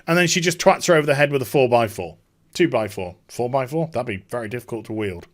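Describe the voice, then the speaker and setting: A man's voice: medium pitch, lively intonation, fast talker. A man giving sarcastic, mocking commentary as a video host, swearing casually as he talks. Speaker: YouTube commentator.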